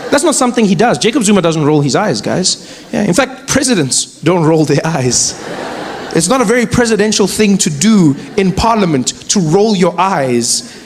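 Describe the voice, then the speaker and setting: A man doing animated, mocking stand-up comedy. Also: high voice, moderate pace. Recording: live venue with crowd noise. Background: audience laughter.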